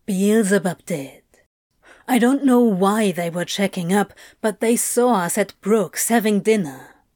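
A woman reading aloud and voicing a sly male demon who speaks low and seductively in slow murmurs. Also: dry recording, studio quality, close to an everyday voice. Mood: low, worried. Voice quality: low, hushed.

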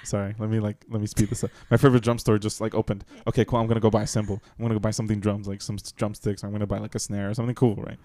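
A young man with a lowish voice talks loosely in a casual podcast chat, full of fillers and quick apologies. The sound is dry and close, with no room around it. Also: little pitch movement, dark tone, dry recording. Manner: rambling, filler-heavy, apologetic, laughs often. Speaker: podcast co-host.

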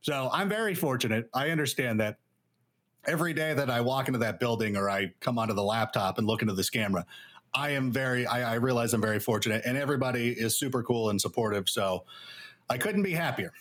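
A man's voice: medium pitch, quick pace. Rambling, chatty male podcast guest. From Los Angeles area. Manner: rambling, animated storyteller with many fillers. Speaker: guest analyst. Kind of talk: casual interview chat.

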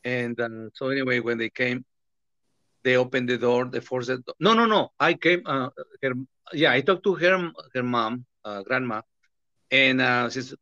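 A man being interviewed, telling his story in halting speech with many fillers, restarts. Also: medium pitch, bright, forceful tone, no echo. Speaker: interview guest. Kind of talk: personal interview talk. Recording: dull, slightly lo-fi recording.

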